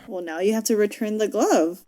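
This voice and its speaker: A woman giving casual movie reaction commentary, excitable and slangy, laughing often and swearing. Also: medium pitch, brisk. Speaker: reaction vlogger.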